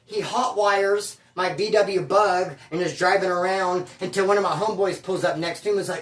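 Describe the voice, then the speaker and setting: A man casually telling a long story in slangy, animated speech, acting out what others said. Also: high-pitched, moderate pace, hardly any pauses, echoey room, recorded from a distance. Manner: animated, slangy, acts out quotes. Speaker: guest telling his story.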